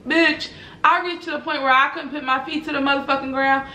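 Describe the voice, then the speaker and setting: A young woman vlogger telling a personal story to viewers in a casual, animated way, full of swearing and "y'all". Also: sits high, fairly quick. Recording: roomy echoey room.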